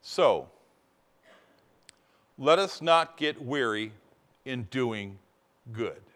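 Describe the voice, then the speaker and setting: A man preaching a sermon, animated, with playful asides and slow, weighty emphasis on key phrases. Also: mid-range voice. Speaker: pastor.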